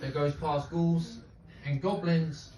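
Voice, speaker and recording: Young male stand-up, deadpan dark jokes, slightly high voice, caught from afar in a noisy, echoing club. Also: slow pace. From England. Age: young adult. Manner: deadpan, dark one-liners. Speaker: stand-up comedian. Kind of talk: stand-up set. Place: comedy club stage. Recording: roomy, distant, noisy club recording. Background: audience laughter.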